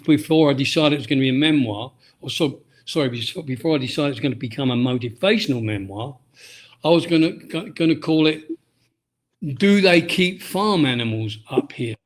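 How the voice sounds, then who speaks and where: Rambling middle-aged British man, fairly high voice. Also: a bit bright. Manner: rambling, frequent restarts and "um"s. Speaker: guest, ski instructor and author. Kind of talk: casual interview.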